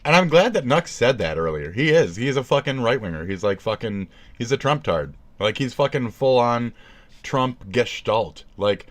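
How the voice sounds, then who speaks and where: A man livestreaming a profane, sarcastic rant, jumping from loud outbursts to low mumbles. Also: expressive, normal speed. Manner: profane, sarcastic, swings between shouting and mumbling. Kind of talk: casual stream rant.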